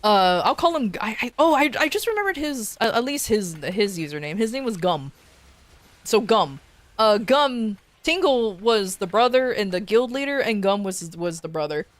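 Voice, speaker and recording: Streamer woman, casual storyteller, lively swooping delivery, frequent restarts, dry sound. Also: medium pitch, moderate pace, no room sound. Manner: rambling, animated, swearing, many restarts.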